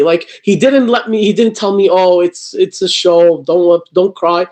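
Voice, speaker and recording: A man's voice: high voice, fairly even intonation, normal speed, few pauses, low-quality recording. A man telling stories as a guest in a casual interview, rambling with many restarts and fillers. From New Jersey. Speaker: guest, wrestling promotion owner.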